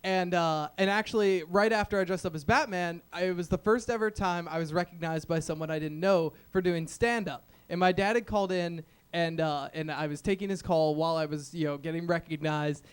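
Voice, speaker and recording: This young stand-up talks fairly quickly with few pauses, his voice a little high and clean in tone. He rambles through a self-mocking open-mic bit full of fillers at a small venue.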